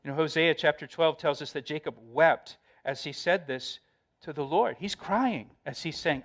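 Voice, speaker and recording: A man's voice: on the high side, moderate pace, a bit bright. A middle-aged male pastor preaching a sermon, repeating phrases for emphasis and raising his voice in quoted lines.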